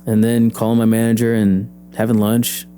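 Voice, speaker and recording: A young adult man, an actor and PE teacher, telling his story as an interview guest, lively and acting out the voices he quotes. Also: on the low side, moderate pace, a little hiss or hum.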